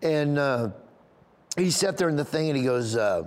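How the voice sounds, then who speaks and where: A slightly high, expressive male voice at a moderate pace fills a big-sounding room. The comedian meanders through a heartfelt interview story, laughing and nearly crying by turns.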